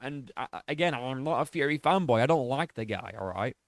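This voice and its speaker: A man's voice: mid-range voice, expressive, brisk, dry recording, clean studio sound. A man giving a mocking, profanity-laced reaction commentary on a video clip. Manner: mocking, sarcastic, swears freely, laughs at the clip.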